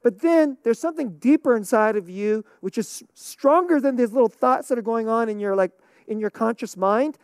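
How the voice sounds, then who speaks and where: A woman's voice: on the high side, moderate pace, a little mellow, no echo, clean studio sound. A middle-aged woman pastor preaching a conversational sermon, laughing often and checking in with "okay?".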